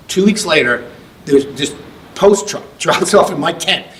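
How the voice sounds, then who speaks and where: A man's voice: on the high side, lively intonation, moderate pace, a bit bright, a little hiss or hum, rough recording. A middle-aged American man presenting an award at a ceremony, telling a long anecdote with restarts and fillers. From United States. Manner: rambling anecdotal delivery with many restarts. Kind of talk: storytelling speech. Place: function room.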